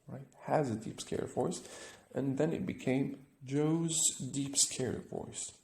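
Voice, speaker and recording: A man's voice: medium pitch, steady tone, a little slow, vocal fry, hardly any pauses, darkish tone, echoey room. A man teaching an English grammar lesson, explaining step by step and often checking with "right?".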